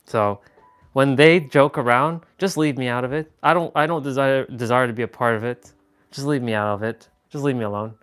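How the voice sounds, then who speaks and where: A man's voice: medium pitch, brisk, fairly bright tone, smooth, soft background music. A young man hosting a casual livestream, rambling in an exasperated way with frequent laughs and offhand swearing. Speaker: livestream host.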